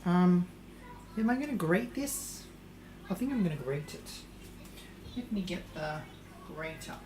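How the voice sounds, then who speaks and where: A woman's voice: lowish voice, lively intonation, a little slow, noisy background. Woman doing a posh english lady cook, vain and theatrical, darling this darling that, echoey kitchen. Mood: flustered. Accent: English, put on. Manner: theatrical, calls people darling. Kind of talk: live-streamed comedy cooking show in character. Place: home kitchen.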